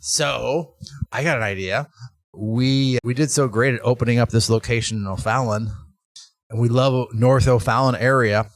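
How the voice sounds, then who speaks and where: A man who owns a brewery, talking in a casual interview and telling animated stories with lots of restarts. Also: mid-range voice, moderate pace. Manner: animated storytelling with laughs and restarts. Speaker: brewery owner, guest.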